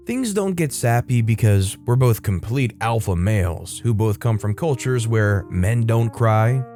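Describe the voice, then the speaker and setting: A man at a middle pitch reads out a first-person story in a steady, scripted narrating voice. Faint music plays beneath him. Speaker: storyteller reading a forum post. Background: faint background music.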